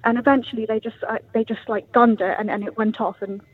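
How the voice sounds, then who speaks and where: A man's voice: sits high, level tone, quick pace, no echo. Man telling a ghost story by phone. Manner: rambling, many fillers and restarts. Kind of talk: casual storytelling. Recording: tinny phone-like dry sound.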